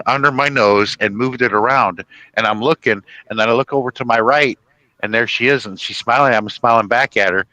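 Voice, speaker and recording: A man telling funny stories in a casual chat, animated and rambling, laughing at his own tales. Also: mid-range voice, no room sound, rough recording. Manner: chatty, with many restarts and "you know".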